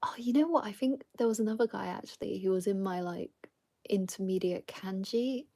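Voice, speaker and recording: Lady teaching japanese live, chatty, laughy, bit of vocal fry. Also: medium pitch, brisk, dark tone, no echo. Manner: chatty, laughs often, says "like" a lot. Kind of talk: casual live lesson chat.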